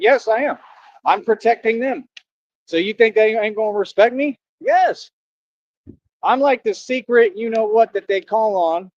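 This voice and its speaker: A man's voice: sits high, no room sound, lo-fi sound. A man livestreaming a casual monologue outdoors by a road, talking in an emphatic, slangy way and repeating himself for stress. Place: outdoors near a road with passing traffic.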